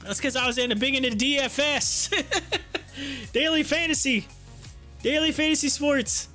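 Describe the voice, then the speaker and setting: A man hosting a casual stock market livestream, chatty and excitable, laughing often as he talks. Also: very high voice, moderate pace, faint music behind. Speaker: stock market livestream host and youth football coach.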